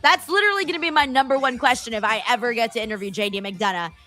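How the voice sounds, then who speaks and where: Chatty high bright woman streamer. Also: very fast, faint music behind. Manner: chatty, laughs often, swears casually. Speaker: live stream host. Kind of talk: casual watchalong chat reading viewer comments.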